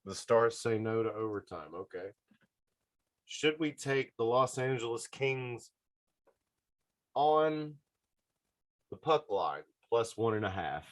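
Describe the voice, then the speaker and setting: A man hosting a podcast, giving sports betting picks in an excitable, casual way and talking straight to his listeners. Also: medium pitch, takes it slowly, long pauses, no room sound, clean studio sound. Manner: excitable, talks to listeners directly. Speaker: podcast host.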